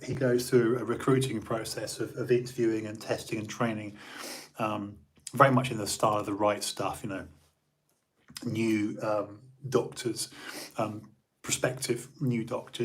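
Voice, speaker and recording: A man's voice: on the low side, level tone, measured pace. An English man hosting a livestream, chatting casually and rambling with lots of fillers and restarts. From England. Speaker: livestream host. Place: home.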